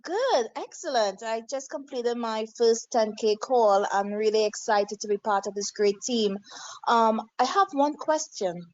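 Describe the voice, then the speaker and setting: A woman's voice: a little high, expressive, unhurried, a little mellow, dry recording. A woman from Trinidad and Tobago with a Trinidadian accent, calling in with a polite, eager question. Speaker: caller. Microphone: video call. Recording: muffled dry call audio.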